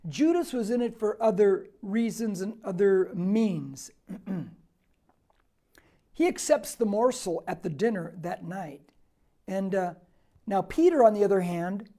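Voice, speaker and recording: Male pastor, mellow tone, casual verse-by-verse preaching, emphatic with hushed slow beats. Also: high voice. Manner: conversational, emphatic, slows and drops to near whisper for key points; clears throat often, frequent restarts. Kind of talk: verse-by-verse Bible teaching sermon.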